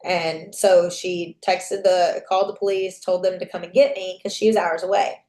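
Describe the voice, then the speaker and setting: A woman's voice: on the low side, steady tone, moderate pace, a little mellow. A young adult woman, a podcast guest, tells a personal story frankly, swearing freely and acting out what people said. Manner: candid, profane, reenacts dialogue. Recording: echoey room.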